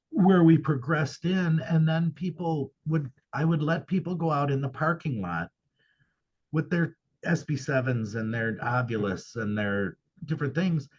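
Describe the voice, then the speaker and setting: A man's voice: on the high side, lo-fi sound. A man who owns a paranormal venue, speaking as a guest in a casual interview and telling his experiences earnestly and emphatically.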